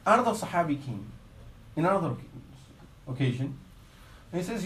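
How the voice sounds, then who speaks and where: A man's voice: fairly high pitch, sing-song, normal speed, pauses often, a bit bright, echoey room, a little hiss or hum, rough recording. A man giving a sermon in English that he mixes with Arabic religious phrases, telling a story earnestly and dropping his voice for its saddest parts. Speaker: Islamic preacher.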